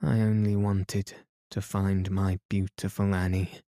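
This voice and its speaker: A man's voice: low voice, flat delivery, unhurried, mellow, dry recording. A man doing a heartbroken, mumbling old man. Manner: mumbling, wistful.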